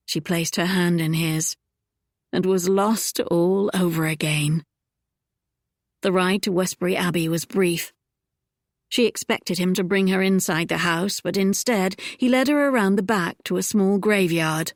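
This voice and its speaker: A woman narrating an audiobook in a measured, intimate storytelling manner. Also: fairly low pitch, fairly even intonation, dry recording, studio quality. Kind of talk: scripted narration.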